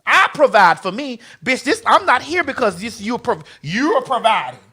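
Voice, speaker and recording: A woman's voice: fairly high pitch, moderate pace, slightly rough. Brash profane woman telling stories. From Atlanta, Georgia, USA. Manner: brash, profane, animated storytelling. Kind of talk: casual podcast chat.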